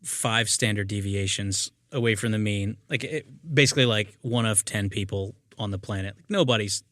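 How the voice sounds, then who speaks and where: A man's voice: on the low side, normal speed, fairly bright tone, no room sound, clean studio sound. A man co-hosting a movie podcast, chatting casually in a loose, rambling way and laughing often. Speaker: podcast co-host. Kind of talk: casual movie-review chat.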